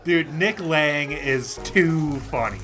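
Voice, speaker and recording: A man hosting a reaction video, making excited casual asides. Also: fairly high pitch, slow, music in the background.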